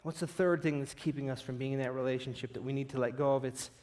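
A pastor preaches a sermon full of animated storytelling, acting out the voices of the people he quotes. He has a mid-range voice and talks quickly.

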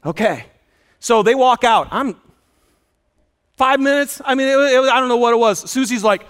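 Male pastor, high voice, animated sermon storyteller who shouts out quoted lines. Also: moderate pace, smooth. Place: auditorium.

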